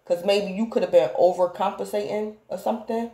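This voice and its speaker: A woman's voice: mid-range voice, steady tone, brisk, warm tone. Rambling woman tarot reader, echoey room. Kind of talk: casual tarot reading to camera.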